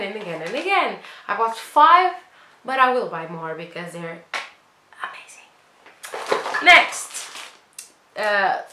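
A woman's voice: medium pitch, sharp tone. A woman beauty vlogger reviewing products she has used up, in a chatty, dramatic, self-mocking way. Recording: echoey room with faint noise.

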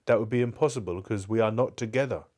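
A man's voice: lowish voice, quick pace, darkish tone, lightly acted. A man voicing a guarded young woman gamer in a live book reading, speaking firmly in a raised voice.

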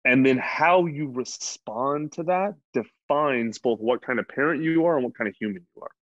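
A man's voice: mid-range voice, moderate pace, dry recording. A man answering interview questions thoughtfully, searching for the right words. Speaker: podcast guest. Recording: slightly dull, dry sound.

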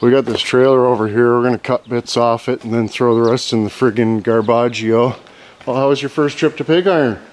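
A man's voice: mid-range voice, steady tone, a little fast. A man chatting casually and profanely for his vlog, rambling and apologizing for his swearing. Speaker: vlogger. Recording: vehicle and outdoor noise.

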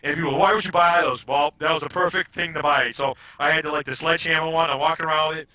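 Guy rambling through stories on a podcast, kinda high, really bright voice, muffled lo-fi sound. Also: quick pace. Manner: rambling, animated, trails off and restarts. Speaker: podcast guest. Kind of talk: casual storytelling chat. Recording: dull lo-fi audio.

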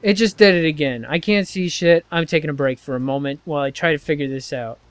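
A man's voice: on the high side, quick pace, clear, resonant tone. A man commentating his own gameplay, muttering and swearing in frustration as he plays. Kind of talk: frustrated let's-play commentary.

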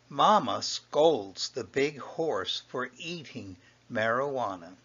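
A man teaching a language lesson, patiently explaining and repeating each example in a slow, explanatory way. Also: mid-range voice, very animated, fairly bright tone. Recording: dull lo-fi audio.

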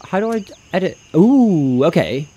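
A man's voice: high-pitched, sing-song, normal speed, dark tone, husky, muffled recording. A young man streaming a game, thinking aloud and greeting his chat. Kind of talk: live gameplay commentary.

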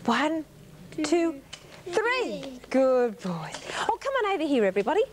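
A woman with a high, sing-song voice hosts a children's TV show, unhurriedly coaxing and encouraging preschoolers in a studio. A crowd can be heard in the background, and the audio comes from hissy 1980s broadcast tape.

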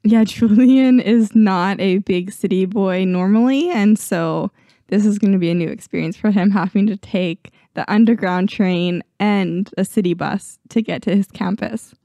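A young woman co-hosting a casual podcast with her husband, her voice hoarse from a sore throat, laughing often and poking fun at herself. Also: medium pitch, normal speed, mellow, no echo. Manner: laughs often, self-deprecating. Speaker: podcast co-host. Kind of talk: casual chat. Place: home, on a couch.

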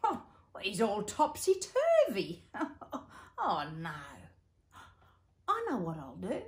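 A woman's voice: medium pitch, huge pitch swings, takes it slowly, exaggerated voice. Daydreaming old Australian bushman, flustered and chuckling, played by a woman storyteller. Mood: dismayed. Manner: exclaiming in dismay, chuckling. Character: dreamy old male bushman, flustered and fond. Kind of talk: storytelling for children.

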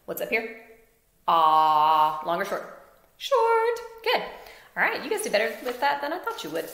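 A woman teaching a phonics lesson to young children, slowly sounding out word parts and praising answers. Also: a little high, wildly swooping pitch, creaky, fairly bright tone, roomy sound.

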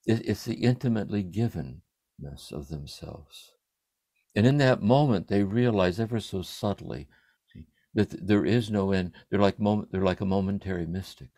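An older man speaking from a room at home over a livestream, giving a contemplative spiritual reflection in a meditative way, letting his phrases trail off softly. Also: lowish voice, no room sound. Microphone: livestream computer mic.

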